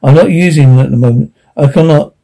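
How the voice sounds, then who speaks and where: A man's voice: fairly high pitch, quick pace, dark tone, close to an everyday voice. A cool, commanding steel robot, as a man voices it. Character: calm, controlling male steel robot.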